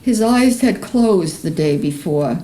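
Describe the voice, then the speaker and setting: An older woman with a Bronx accent, an artist reading a personal memoir aloud in an earnest, emotional, measured way. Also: on the low side, animated, mellow, slight background noise, rough recording. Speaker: artist presenting her paintings.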